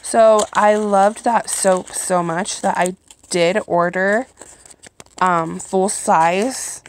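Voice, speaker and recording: A woman talks at an unhurried, drawn-out pace into a handheld phone at home. She gushes over what she unpacks and breaks off for small apologies, in an easy, chatty way. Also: medium pitch, fairly even intonation, slight background noise. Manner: gushing, slow and chatty, apologetic asides. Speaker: vlogger reviewing products. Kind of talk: casual unboxing chat. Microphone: phone held in hand, then set down.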